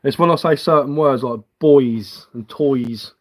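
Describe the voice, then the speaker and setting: An unhurried, medium-pitched man from England talks through a woodcarving livestream. His accent is London Cockney with a touch of Sussex, and he chats casually, drifting a bit while answering what viewers write.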